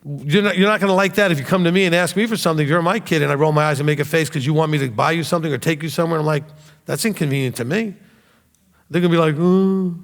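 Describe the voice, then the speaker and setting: Man in his 50s, high and expressive voice, blunt preacher who mimics others, reverberant hall. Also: gravelly. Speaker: teacher. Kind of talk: sermon-style teaching.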